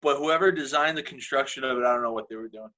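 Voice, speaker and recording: A male comedian co-hosting a podcast from the corner of a home basement, telling stories in a dry, deadpan way. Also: medium pitch, fast talker, rough recording. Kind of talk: casual podcast chat.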